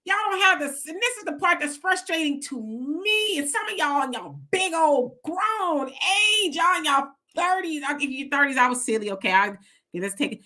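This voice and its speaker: High, bright-voiced woman host ranting. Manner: emphatic, mocking, rapid rhetorical questions. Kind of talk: live-stream political commentary.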